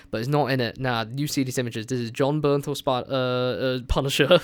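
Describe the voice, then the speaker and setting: A man with a smooth, resonant voice at an ordinary middle pitch hosts a movie review radio show. He rambles with eager excitement and leans on plenty of filler words. His casual chat keeps circling back to the films he loves. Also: brisk, dry recording.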